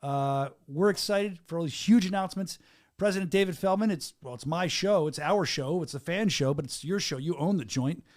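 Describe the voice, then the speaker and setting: Fast-talking hype guy hosting a podcast, high voice, all over the place. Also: a little mellow. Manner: hyped, teasing, talks over others. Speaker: podcast host and venue announcer. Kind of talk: casual podcast chat.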